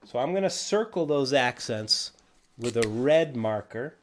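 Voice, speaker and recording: A man teaching a ukulele lesson on a livestream, relaxed and encouraging, counting out beats as he explains. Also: medium pitch, measured pace, a little hiss or hum. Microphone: livestream camera mic.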